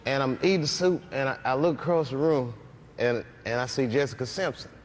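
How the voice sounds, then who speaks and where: A man's voice: mid-range voice, brisk. A man, a comedian guest on a late-night talk show, telling stories and acting out voices. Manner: animated, acts out voices in his anecdotes. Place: television studio before a live audience. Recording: studio hall with audience laughter and noise.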